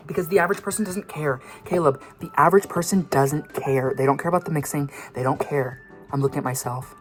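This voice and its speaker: A man's voice: a little high, fast talker. Young male vlogger, slightly breathless, scattered and self-mocking, chatty tangents over faint background music. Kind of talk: casual rambling monologue.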